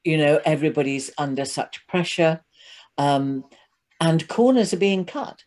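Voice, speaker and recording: Low-voiced British woman narrator. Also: expressive, a little slow, a little mellow. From United Kingdom. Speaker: guest narrator and coach. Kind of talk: casual chat.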